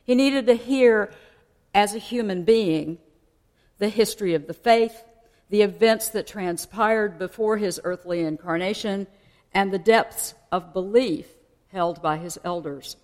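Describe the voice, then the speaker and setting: Woman preacher, mid-pitched, chatty explanatory sermon, long reverb of a big hall. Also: unhurried, darkish tone. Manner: conversational, explaining and asking listeners questions.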